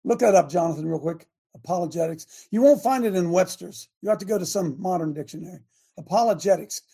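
A middle-aged man hosting a fiery preaching talk show, speaking emphatically and often rising to shouts. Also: high voice, fast talker, creaky, slightly rough.

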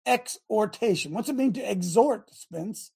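A woman hosting a talk show, talking in an emphatic, rambling way, breaking off her own sentences and bursting into shouts. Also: medium pitch, lively intonation, a little slow, slightly rough. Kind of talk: animated talk show monologue.

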